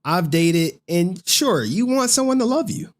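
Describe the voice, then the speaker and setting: A male streamer talking casually, swearing freely and slipping into voices to act out scenes. His delivery is lively and loose, like chatting with viewers. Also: high-pitched, unhurried. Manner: animated, profane slang, acts out scenes with voices. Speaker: streamer recapping a horror movie.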